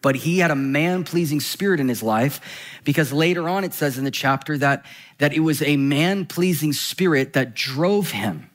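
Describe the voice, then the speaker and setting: A man preaching a sermon in a conversational, animated way, slowing down to read scripture and speeding up for quick asides. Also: on the high side. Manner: animated, swings between slow scripture reading and quick asides; conversational, frequent "right?" and "like".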